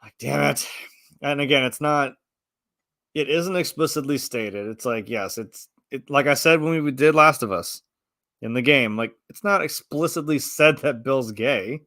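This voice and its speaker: Bright-voiced chatty man in his thirties. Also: medium pitch, normal speed, no echo, clean studio sound. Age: 30s. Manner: rambling, animated, acts out his own reactions. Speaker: podcast co-host reviewing films. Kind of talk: casual chat.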